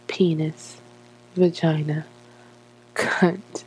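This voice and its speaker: A woman with an accent, slowly reading a word list for an accent challenge, dropping some words to a whisper. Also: on the low side, fairly even intonation, warm tone, slight background noise, low-quality recording. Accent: non-standard English accent. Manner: slow and deliberate, some words breathed in a whisper. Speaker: audio content creator.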